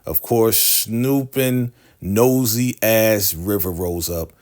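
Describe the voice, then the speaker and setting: A recap show host with a deep, darkish voice walks slowly through a TV episode in a casual, slangy, chatty way. He retells each scene with constant asides, like a friend catching you up.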